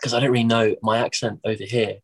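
This young English man from the Midlands speaks fast in a fairly low, flat voice. He's a musician chatting casually in an interview, full of fillers and restarts.

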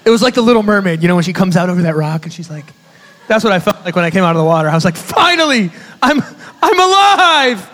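A man, a youth pastor, giving a sermon with animated storytelling and conversational asides to his audience. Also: sits high, very fast. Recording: reverberant hall.

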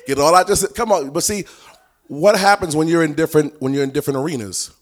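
Male preacher, fairly high voice, animated teaching sermon, folksy and repetitive. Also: fast talker. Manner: animated, punchy repetition, rises to shouts and sung phrases; folksy colloquial delivery. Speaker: prophetic ministry teacher.

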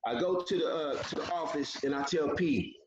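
A man tells a long story in a casual interview, acting out what people said along the way. His voice sits a bit high, and the audio is echoey and dull, like a lo-fi call recording. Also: normal speed, background noise. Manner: animated storyteller, acts out quotes. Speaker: guest.

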